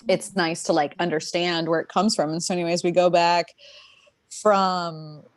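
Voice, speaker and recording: A young woman from Minnesota with a fairly low voice talks through stories in a lively, giggly way, peppering everything with "like." The sound is close and dry, with no room around it. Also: moderate pace, no room sound. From Minnesota, USA. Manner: animated, laughing storyteller, many "like" fillers. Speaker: podcast co-host. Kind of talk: casual chat.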